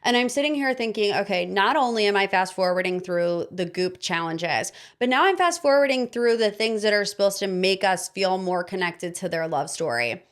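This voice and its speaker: A woman in her thirties hosting a podcast, giving casual pop-culture commentary in an animated, sarcastic, ranting manner. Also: mid-range voice, moderate pace, hardly any pauses. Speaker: podcast host.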